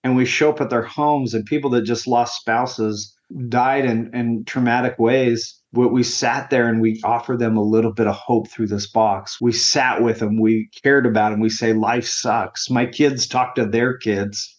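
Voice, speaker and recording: A man's voice: mid-range voice, fairly even intonation, measured pace, highs cut off. A man in his forties, a grief counselor as an interview guest, telling his personal story in an earnest, heartfelt way. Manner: earnest and heartfelt, sometimes emotional.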